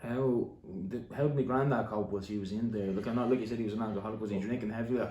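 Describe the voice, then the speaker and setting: Low-voiced Dublin man in his late twenties. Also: fairly even intonation, racing, warm tone. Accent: Dublin Irish. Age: late 20s. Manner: casual, swears often, thinking aloud. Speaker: podcast host. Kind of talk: casual interview. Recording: roomy room echo.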